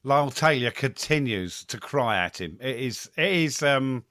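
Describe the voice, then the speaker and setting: A man, co-hosting a casual football podcast and rambling through quick, enthusiastic asides. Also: mid-range voice, lively intonation, fairly bright tone, no echo, clean studio sound. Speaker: podcast co-host.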